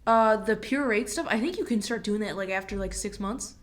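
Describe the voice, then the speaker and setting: A woman's voice: mid-range voice, a little fast. A young woman with a mid-range voice chats casually as a podcast guest. She sounds dry and matter-of-fact, setting her host straight on the facts. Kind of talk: casual chat.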